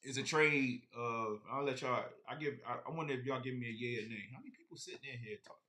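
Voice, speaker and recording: A man's voice: medium pitch, quick pace, pushed and bright. A man chatting casually on a live stream about his sneaker collection, rambling and talking straight to his viewers.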